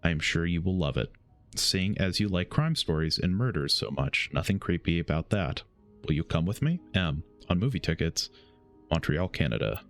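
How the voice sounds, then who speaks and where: A young man streaming a game, reading its letters aloud slowly and often stumbling and correcting himself. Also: deep voice, lively intonation, soft background music. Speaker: gaming streamer.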